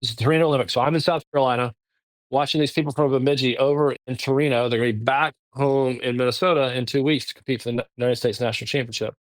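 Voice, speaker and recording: Southern-accented man, middle-aged, guest storyteller, lively restarts, dry studio mic. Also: mid-range voice, no echo. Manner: animated, halting, lots of restarts. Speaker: podcast guest. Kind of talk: casual storytelling.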